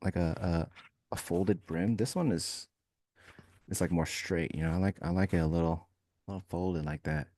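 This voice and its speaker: A man with a very low voice trades jokes and market chatter on a live stream, dropping into playful quoted voices as he tells a bit. The sound is dry and close, with no room around it. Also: moderate pace, no room sound. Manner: joking, animated storytelling with put-on quotes. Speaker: futures trading stream co-host. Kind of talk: casual live-stream banter.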